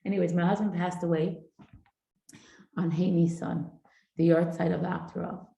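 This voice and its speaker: Woman, middle-aged, dark gravelly voice, lower pitch, chatty class talk, echoey room. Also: flat delivery, moderate pace. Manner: chatty, full of fillers and Hebrew and Yiddish terms. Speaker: parenting class teacher. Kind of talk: informal class talk to a group.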